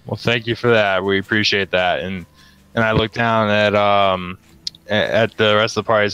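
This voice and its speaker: A man's voice: fairly low pitch, steady tone, normal speed, sharp tone, clear, resonant tone, dry recording, rough recording. A man playing his character in a tabletop game, speaking in an earnest, reassuring way. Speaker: player. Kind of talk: in-character tabletop role-play.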